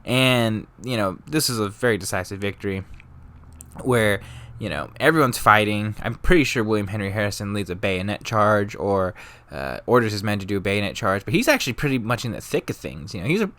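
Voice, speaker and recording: A man's voice: fairly low pitch, lively intonation, fairly quick, a bit bright. A young man narrating history in a casual, rambling, joking and profane way. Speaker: history vlogger.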